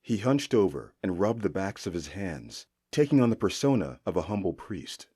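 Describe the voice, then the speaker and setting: Telling a fantasy tale at a moderate pace, this male audiobook narrator has a husky, low voice with a dark, mellow quality. His delivery is expressive, with pitch shifting lively across his sentences.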